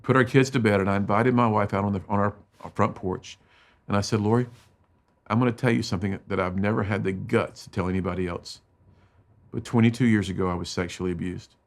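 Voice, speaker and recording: A middle-aged man giving an emotional storytelling talk to students as a motivational speaker, swinging between loud emphatic bursts and hushed low lines. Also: fairly even intonation, quick pace, vocal fry.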